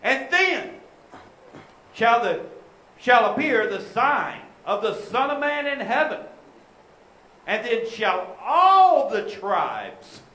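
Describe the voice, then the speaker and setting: A man in the congregation reading scripture aloud slowly and carefully in answer to the preacher. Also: extremely high pitch, very animated, bright, forceful tone. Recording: roomy sound from a distance, faint noise.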